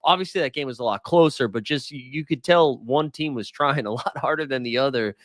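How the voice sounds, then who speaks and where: A man co-hosting a podcast, chatting casually about basketball, animated and joking, often laughing. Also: mid-range voice, fairly quick, no room sound, studio quality. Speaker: podcast co-host. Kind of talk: casual sports chat.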